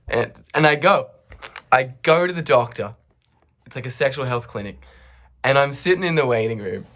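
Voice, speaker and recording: A man telling a personal story in a casual storytime vlog, animated, swearing a lot and breaking into laughter. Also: medium pitch, normal speed.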